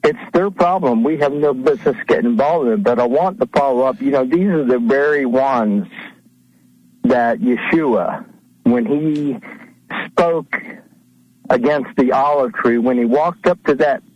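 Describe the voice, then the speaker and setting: A man's voice: medium pitch, unhurried, darkish tone, no echo, highs cut off. A man calling in to a radio show, rambling a little, repeating his words and chuckling now and then. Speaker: radio caller. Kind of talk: casual call-in talk.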